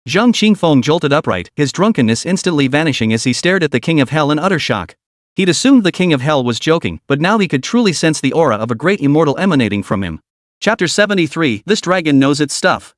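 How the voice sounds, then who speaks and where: A man's voice: a little high, very animated, a little fast, no room sound, studio quality. A man narrating a recap story in a scripted read, voicing all characters in the same plain voice.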